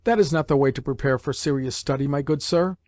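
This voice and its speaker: A man's voice: medium pitch, brisk, darkish tone, no room sound, clean studio sound, lightly acted. A man reading an audiobook voices a stern, condescending older male professor who speaks with clipped intonation and a scolding, dismissive manner. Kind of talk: audiobook character voice.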